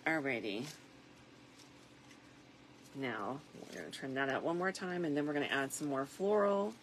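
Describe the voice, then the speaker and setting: A tired middle-aged woman chatting softly and reflectively as she makes a wreath, with plenty of fillers along the way. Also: a bass voice, animated, moderate pace, a little hiss or hum, low-quality recording. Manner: soft-spoken and reflective, with frequent fillers. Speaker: craft vlogger. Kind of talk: casual crafting chat.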